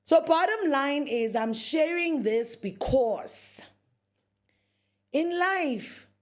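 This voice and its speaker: A woman in her forties telling a personal story in an emphatic, animated way, mixing in local words. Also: high-pitched, drawn-out words. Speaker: vlogger. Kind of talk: venting storytelling vlog.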